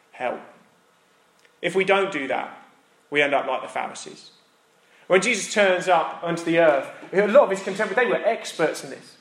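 A man's voice: a little high, echoey room. A man preaching a sermon in a conversational, emphatic way, building his points through repetition. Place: church.

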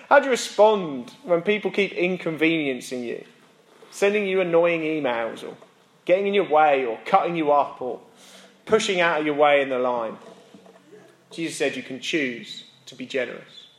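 A man's voice: on the high side, animated, moderate pace, echoey room. A British man preaching a sermon in a church, conversational, with asides and self-mocking laughs. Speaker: pastor.

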